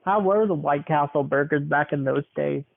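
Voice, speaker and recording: Young man, podcast host, playful, fairly high voice, tinny phone-like sound. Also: creaky. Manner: playful, asks quick questions. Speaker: podcast host interviewing his grandmother. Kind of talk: casual chat.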